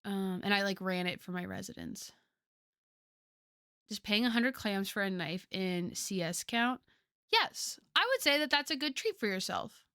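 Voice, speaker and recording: A woman's voice: mid-range voice, a little slow, smooth, dry recording, studio quality. A woman in her twenties chatting casually with viewers as a streamer, chatty with lots of fillers. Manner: chatty, lively, filler-heavy.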